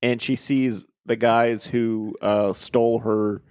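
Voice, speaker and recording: A man's voice: medium pitch, flat delivery, takes it slowly, a little mellow, smooth, dry recording, studio quality. A man co-hosting a podcast, recapping a movie in casual chat, joking and teasing with frequent laughs. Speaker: podcast co-host.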